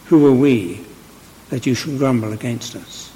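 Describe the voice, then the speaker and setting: A man's voice: medium pitch, dark tone. Man reading scripture in a reverberant church. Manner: measured, clear and deliberate, lifting his voice for quoted speech. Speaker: scripture reader at a church service. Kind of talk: formal Bible reading.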